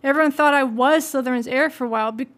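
Earnest anxious schoolboy wizard, read by a woman, high bright voice, storybook reading. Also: fast. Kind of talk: audiobook-style reading aloud.

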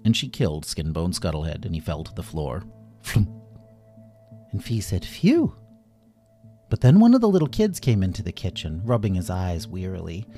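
A man narrating a children's story in an animated way, acting out every character himself. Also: low-pitched, fast, hardly any pauses, faint music behind.

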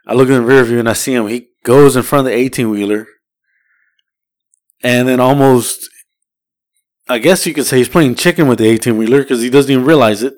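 A man's voice: medium pitch, a little fast, long pauses. A man, co-hosting a podcast and telling a rambling, profane story in casual chat. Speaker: podcast co-host.

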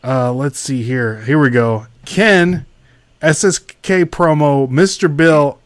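A man's voice: on the high side, takes it slowly, dry recording. A man hosting a casual livestream, greeting viewers by name and reading their chat comments aloud. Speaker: livestream host.

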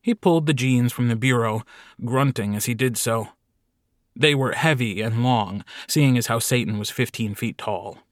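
Wry, deadpan male audiobook narrator. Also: mid-range voice, moderate pace, no echo, studio quality. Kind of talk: scripted narration.

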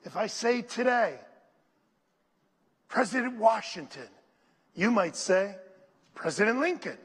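Slow, breathy-voiced pastor in a reverberant hall. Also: male voice, high voice, animated, a bit bright. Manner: slow, drops to a near whisper on scripture phrases; call-and-response with the congregation. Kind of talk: sermon. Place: church sanctuary. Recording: long reverb in a large hall.

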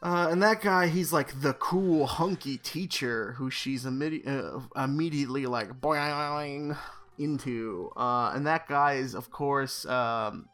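Slow, rambling man recapping a film. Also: mid-range voice, a bit bright. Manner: rambling, filler-heavy with many "like"s; wry, sarcastic asides. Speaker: podcast co-host. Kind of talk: casual film recap chat.

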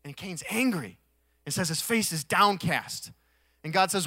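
A man's voice: sits high, moderate pace, no room sound. Man, pastor, sermon, conversational, emphatic, humorous asides, dry close sound. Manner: conversational preaching with emphatic swells and quiet drops.

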